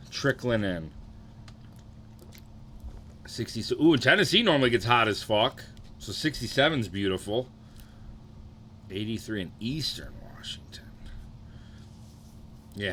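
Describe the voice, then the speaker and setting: Casual young male streamer, lowish bright voice, rambling and sluggish, faint noise behind. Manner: laid-back, rambling, swears often, greets chatters. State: slightly hungover, sluggish. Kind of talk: casual live-stream chat.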